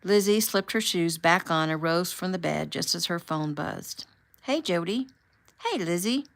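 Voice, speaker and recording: A woman, the author, narrating her own audiobook in a steady, plain reading voice. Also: on the low side, normal speed, creaky.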